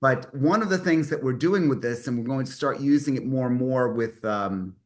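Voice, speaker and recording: A man's voice: medium pitch, normal speed. Man, 50s, mastermind host on a video call; casual, rambly, enthusiastic. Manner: rambling, self-correcting, enthusiastic. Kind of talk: casual online meeting talk.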